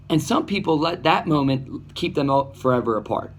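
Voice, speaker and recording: A man, a comedy filmmaker, talking in a rambling, reflective monologue that grows animated as he acts out imagined voices. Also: on the high side, quick pace, hardly any pauses.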